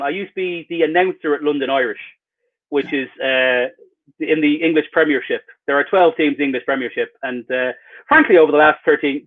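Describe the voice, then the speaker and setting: A man answers interview questions in a loose, rambling way, full of wry and self-mocking asides. His voice sits a little high. The sound is thin and tinny, as if it came through a phone line on a video call. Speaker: author being interviewed.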